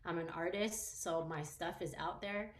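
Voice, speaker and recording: A woman's voice: on the low side, moderate pace, echoey room, slight background noise. A Chinese American woman, a mother and artist, speaking earnestly and emotionally as a guest in a public conversation. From United States. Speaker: panel guest.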